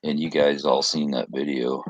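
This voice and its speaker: A man in a casual chat, talking in a hesitant, halting way. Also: a bass voice, little pitch movement, no echo, muffled recording.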